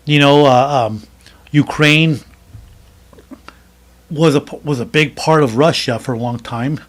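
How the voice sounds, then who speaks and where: An American man co-hosting a podcast, talking casually and opinionatedly, with many fillers and restarts. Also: on the high side. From United States. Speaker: podcast co-host. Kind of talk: casual chat.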